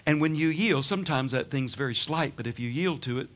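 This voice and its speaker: A man preaching a sermon, telling stories with bursts of laughter and shouting. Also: mid-range voice, brisk. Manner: animated storytelling, laughing and shouting. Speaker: pastor.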